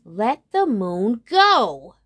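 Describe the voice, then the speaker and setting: A proud, bossy storybook unicorn, voiced by a woman reader who speaks in a commanding, theatrical tone. Her lines come slowly and deliberately, with a touch of lift above the narration. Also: a little high, very animated, a bit bright, pitched above the performer's own voice, full character voice. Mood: firm, pleading.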